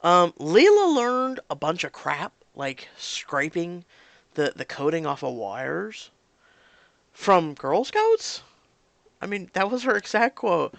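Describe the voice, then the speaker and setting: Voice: mid-range voice, very animated, takes it slowly, creaky, fairly bright tone, dry recording. A vlogger ranting casually about mobile story games, exasperated and swearing freely. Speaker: mobile game recap vlogger.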